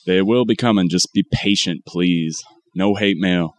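Deep-voiced joking man. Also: a little slow. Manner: laid-back, joking, swears. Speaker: podcast co-host. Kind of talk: casual chat.

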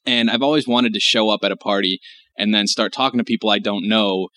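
American guy with a bright forceful voice, talky and rambling, lots of ums. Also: lowish voice, fairly even intonation, fairly quick, no room sound. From United States. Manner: rambling, curious, lots of fillers. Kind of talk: casual chat.

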